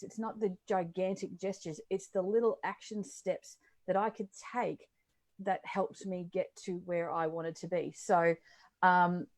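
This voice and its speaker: A woman's voice: fairly low pitch, a little mellow. Encouraging woman co-host, casual chat. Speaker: co-host and coach.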